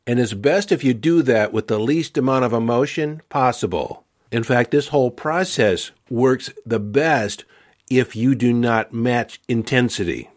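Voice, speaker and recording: A man hosting a podcast, giving calm, earnest advice in a measured way. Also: medium pitch. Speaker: podcast host. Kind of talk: advice talk.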